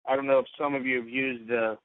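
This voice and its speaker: A man's voice: medium pitch, flat delivery, fast. Rambling man on a tinny line. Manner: rambling, self-interrupting. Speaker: podcast co-host. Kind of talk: casual podcast chat. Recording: tinny phone-like sound.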